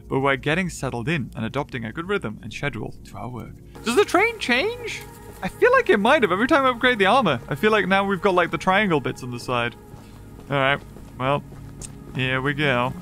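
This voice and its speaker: A man playing a horror game and commenting on it, excitable, often gasping and laughing and reading in-game notes aloud. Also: a little high. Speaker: gaming YouTuber. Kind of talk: let's play commentary.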